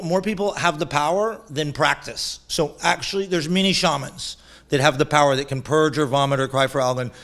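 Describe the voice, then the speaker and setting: A man's voice: on the high side, fairly bright tone. A man, a shaman guest in a casual interview, telling stories with lots of laughter and swearing, and acting out other people's voices.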